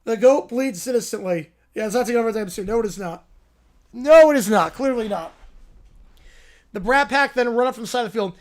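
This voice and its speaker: A man's voice: very high-pitched, quick pace. A man hosting a casual livestream, reading viewer prompts aloud with amused, sarcastic remarks. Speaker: livestream host. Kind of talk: casual livestream reaction chat.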